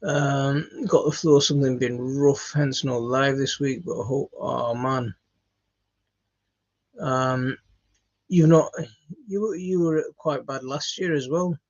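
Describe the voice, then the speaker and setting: A man's voice: medium pitch, steady tone, slow pace, pauses often, lo-fi sound. A tired man hosting a live stream, chatting casually and hesitantly with many ums and restarts while he answers viewer comments.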